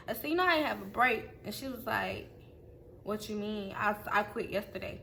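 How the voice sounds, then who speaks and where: A woman telling a profane, animated storytime to her camera in a casual vlog. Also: medium pitch, moderate pace, gravelly, slight background noise. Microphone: phone or webcam.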